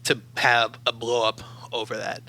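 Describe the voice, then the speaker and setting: A man from Baltimore speaks as an interview guest in a calm, measured way. His tone is strikingly bright and sharp-edged, at a middle pitch. He tells his stories thoughtfully and steadily. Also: poor audio. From Baltimore, USA. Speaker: guest, academic adviser. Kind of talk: reflective interview storytelling.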